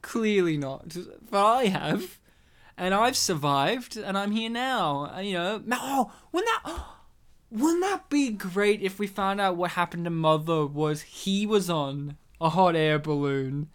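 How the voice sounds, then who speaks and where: A woman's voice: medium pitch, lively intonation, slow. A woman co-hosting a casual movie commentary chat, playful and joking, laughing often. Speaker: podcast co-host.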